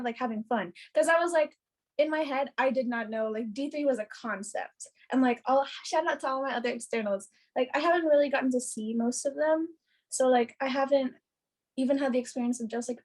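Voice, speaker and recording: Young woman, high voice, bubbly, giggly, rambling casual podcast chat. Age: young adult. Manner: bubbly, giggly storytelling with lots of fillers. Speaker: hair and makeup artist.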